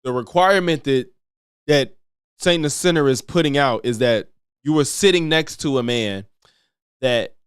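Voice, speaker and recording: A man's voice: medium pitch, a little slow, long pauses, clean tone, dry recording, studio quality. Blunt, profane man reacting to clips. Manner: blunt, profane, mocking impressions of others. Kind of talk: casual reaction commentary.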